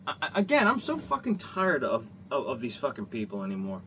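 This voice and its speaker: A man's voice: mid-range voice, wildly swooping pitch, brisk, fairly bright tone, slight background noise. A man ranting angrily to camera in a vlog, swearing heavily, repeating himself and stumbling over restarts. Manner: profane, heated, repetitive, stumbling restarts. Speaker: vlogger. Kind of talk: angry rant to camera.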